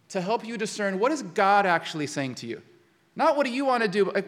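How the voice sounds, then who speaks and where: Male pastor, high voice, casual storytelling sermon, long room reverb. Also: fairly bright tone. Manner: conversational, storytelling with frequent "like" and asides. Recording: reverberant hall.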